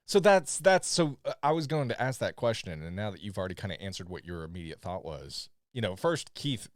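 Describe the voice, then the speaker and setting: A man's voice: lowish voice, fairly quick, no room sound, clean studio sound. A man from Tennessee, co-hosting a podcast in casual, teasing chat. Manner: joking, teasing, animated. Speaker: podcast co-host.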